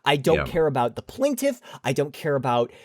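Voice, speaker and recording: A man hosting a podcast, chatting casually in an excitable, rambling way. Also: a little high, fairly quick, creaky, no room sound, studio quality.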